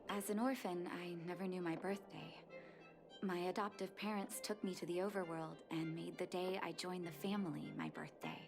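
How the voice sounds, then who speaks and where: An actress voicing an earnest, caring young woman doctor in a video game, speaking softly and sincerely. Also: fairly low pitch, steady tone, moderate pace, vocal fry. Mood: wistful. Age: young adult. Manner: soft, sincere, emotional. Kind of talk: game voice acting. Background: game music.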